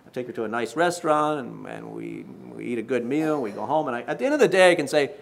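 A man in his sixties preaching to husbands in a folksy storytelling manner, with restarts and gentle self-mockery. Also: medium pitch, lively intonation, fast talker, creaky. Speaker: pastor. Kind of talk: sermon to married men.

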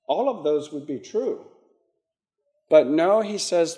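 A man giving an interactive sermon, halting and repeating words as he asks the congregation questions. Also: on the high side, expressive, dark tone. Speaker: preacher.

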